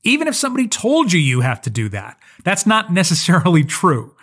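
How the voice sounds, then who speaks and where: A man with a fairly high voice talks through a solo podcast episode as a social media coach. His delivery is earnest and conversational, and he drops in personal asides as he teaches. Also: big pitch swings, normal speed, few pauses, a bit bright.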